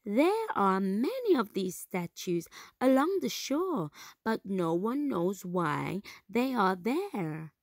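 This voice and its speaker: A woman voicing a proud, cheerful young princess in a children's storybook reading, enthusiastic and lively. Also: medium pitch, slow pace, no room sound, studio quality, exaggerated voice.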